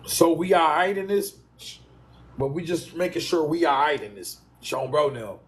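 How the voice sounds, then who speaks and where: A man hosting a livestream, talking in a blunt, profane, animated rant. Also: a little high, moderate pace. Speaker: livestream host. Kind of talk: casual ranting livestream.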